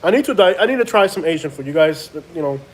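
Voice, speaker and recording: A man's voice: high voice, expressive, fast talker, slight background noise. A man chatting casually about food, joking and rambling with stumbling restarts. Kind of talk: casual chat.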